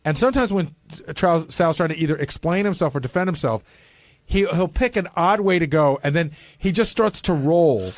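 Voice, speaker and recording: A man's voice: a little high, normal speed, no echo. A man hosting radio studio banter, probing and questioning as he tells a story. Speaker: radio show host.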